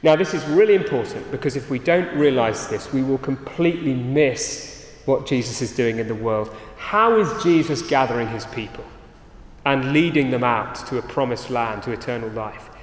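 A man's voice: mid-range voice, lively intonation, normal speed. A man preaching a sermon, earnest, often restarting his sentences. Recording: roomy hall reverb.

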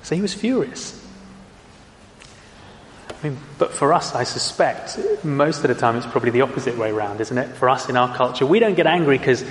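A man's voice: medium pitch, animated, normal speed, a little hiss or hum. A man preaching a sermon in an earnest, conversational way, asking his listeners questions. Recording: echoey hall with long reverb.

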